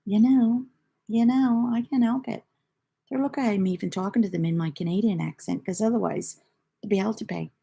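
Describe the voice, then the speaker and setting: A woman's voice: medium pitch, a little fast, vocal fry, dark tone, slightly rough. An older woman from the United Kingdom, hosting a knitting livestream in a rambling, chatty storytelling way. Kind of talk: casual chat.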